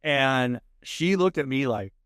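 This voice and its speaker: Texan guy in his 30s, podcast guest, animated storyteller, dry close mic. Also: medium pitch, slow, smooth, dry recording. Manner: animated, acts out quoted people. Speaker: podcast guest, food show host. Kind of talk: casual storytelling. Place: podcast studio.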